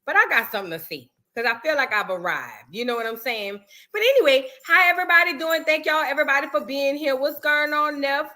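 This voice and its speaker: A young woman hosts a casual livestream, calling out viewers by name in a relaxed, chatty drawl. Her voice sits high and sounds bright and forward. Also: fairly quick. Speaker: livestream host. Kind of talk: casual live-stream chat greeting viewers.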